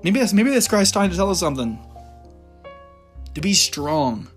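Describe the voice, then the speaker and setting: A man's voice: high-pitched, big pitch swings, normal speed, faint music behind. A man giving an informal devotional talk, reading Bible verses and rambling a little as he laughs at himself. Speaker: Christian encouragement speaker.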